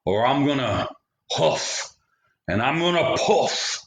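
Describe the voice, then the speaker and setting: A man's voice: medium pitch, big pitch swings, slow pace, fairly bright tone, voice pushed up. A man voicing a boastful, hungry big bad male wolf who talks in a swaggering, threatening way. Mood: blustering. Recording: roomy echo.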